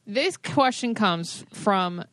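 A woman's voice: mid-range voice, animated, takes it slowly, over a noisy crowd. Blunt, casual woman co-host. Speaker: podcast co-host, hairstylist. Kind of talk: casual chat.

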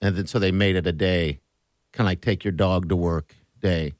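A man hosting a morning radio show, upbeat, pitching the call-in line and the coming giveaways between chat. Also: steady tone, normal speed, no room sound, studio quality. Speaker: lead morning radio host. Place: radio studio.

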